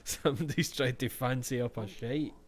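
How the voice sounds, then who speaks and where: A man's voice: medium pitch, normal speed. A man with a Scottish accent giving casual, jokey commentary while playing a game, reading its text aloud and swearing often. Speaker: let's-play streamer.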